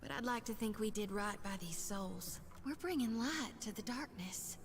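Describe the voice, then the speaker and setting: A woman's voice: medium pitch, expressive, normal speed, a little hiss or hum, natural voice. An actress voicing a brash, folksy young woman soul-reaper in a fantasy game, emphatic and colloquial. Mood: resolved. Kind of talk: game voice acting.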